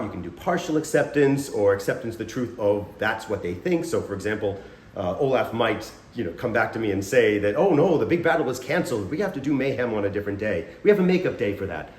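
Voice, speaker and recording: A man, a scare actor, casually explaining acting techniques and briefly acting out lines in a raised voice. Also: medium pitch. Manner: animated, acts out short scene lines in a raised voice. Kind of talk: casual instructional talk to camera. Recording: roomy echo.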